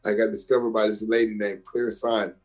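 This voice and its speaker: Young guy from georgia, kinda husky, telling a story all fired up in a chill interview. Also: on the low side, fairly quick, soft background music. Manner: animated, emphatic storyteller. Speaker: actor and comedian guest.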